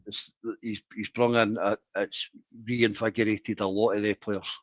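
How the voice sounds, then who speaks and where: Caller fired up about footy, muffled dry phone line. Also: male voice, lowish voice, flat delivery, unhurried, no room sound. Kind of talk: casual phone-in chat.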